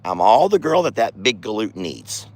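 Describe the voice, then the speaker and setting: A man's voice: lowish voice, sing-song, moderate pace, a little mellow. A man voicing a sassy, jealous female longhorn cow while walking around his farm outdoors. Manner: sassy, bossy.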